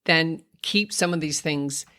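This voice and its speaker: An older woman, a speech therapist hosting a podcast, patiently explaining to parents how to help toddlers speak clearly. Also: low-pitched, unhurried, bright, forceful tone. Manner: patient, explanatory, slips into exaggerated child-directed speech when modeling. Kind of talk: instructive podcast talk to parents.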